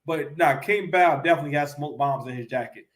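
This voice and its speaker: A man's voice: fairly high pitch, fairly quick. A man vlogging a casual reaction to a clip, joking and rambling with lots of stammered restarts.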